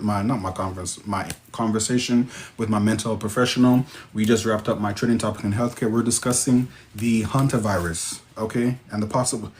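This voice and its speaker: A man with a Jamaican accent hosting a casual livestream, reading viewer comments and breaking into sudden high exclamations. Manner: excitable, interjects sudden high-pitched exclamations. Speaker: livestream host.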